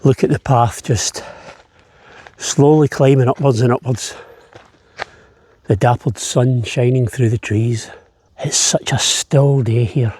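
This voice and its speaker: A man's voice: mid-range voice, steady tone, takes it slowly, pauses often, a little mellow, slightly rough, dry recording. A man, a travel vlogger, chatting as he walks an island path outdoors, slightly out of breath on the climb. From Scotland. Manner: chatty, easygoing, jokey. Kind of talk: walking travel vlog.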